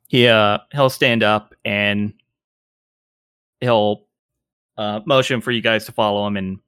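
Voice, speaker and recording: A man narrating a tabletop game as game master, halting and full of filler words. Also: lowish voice, steady tone, fairly bright tone, smooth, no echo, studio quality.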